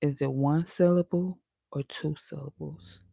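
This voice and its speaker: A woman's voice: sits low, fairly even intonation, unhurried, vocal fry, dark tone, husky, no echo, studio quality. A woman vlogger in casual live-stream chat, talking in a chatty, sassy way with laughing asides.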